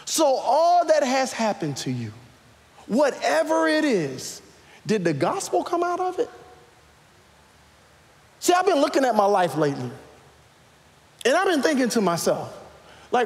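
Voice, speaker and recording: A male pastor preaching with a high, lively voice that swoops up and down as he calls out to the congregation. The sound carries the long reverb of a church hall. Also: a little slow, long pauses. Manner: animated, calls out questions to the congregation. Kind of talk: sermon. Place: church sanctuary before a live congregation.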